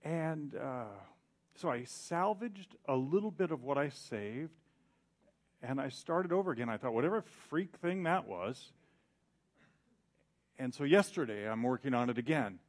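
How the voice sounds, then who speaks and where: A middle-aged male pastor preaching a sermon in an animated way, acting out quoted voices. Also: mid-range voice, moderate pace.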